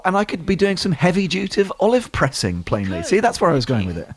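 Animated man telling a story. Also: on the high side. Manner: animated anecdotal storyteller, halting restarts. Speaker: correspondent in London. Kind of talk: casual panel chat.

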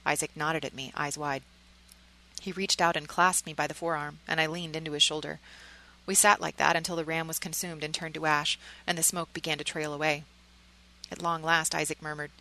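A woman narrates a story in the first person, earnest and emotionally engaged. Her voice is low-pitched yet bright and crisp. Small slips and restarts come through now and then. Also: fairly even intonation, brisk, low-quality recording.

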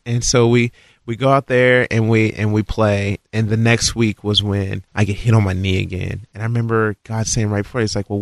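Man telling a lively story, dry sound. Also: no echo. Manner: animated, acts out dialogue with rising pitch. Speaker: guest recalling his football career. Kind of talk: casual storytelling.

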